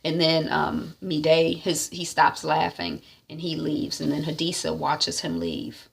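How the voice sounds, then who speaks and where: A woman's voice: sits low, a little slow, gravelly, breathy edge. A woman chattily recapping an episode of a series, acting out the characters as she goes. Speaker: series reviewer. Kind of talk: casual recap of a show.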